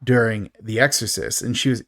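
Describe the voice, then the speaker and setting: A man hosting a casual movie review podcast, chatty and quick to laugh, with many fillers. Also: lowish voice, a bit bright, no room sound, studio quality. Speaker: podcast host.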